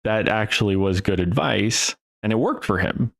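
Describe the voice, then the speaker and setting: A man's voice: lowish voice, creaky. A man hosting a podcast, talking in a casual, rambling monologue full of restarts and the odd curse word. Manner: rambling and profane, with restarts and trailing pauses. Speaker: podcast host.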